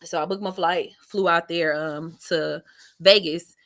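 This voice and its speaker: A woman comedian telling stories in a casual interview, slangy and animated, acting out quotes with a lifted voice. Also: lowish voice, measured pace, no room sound. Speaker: comedian guest.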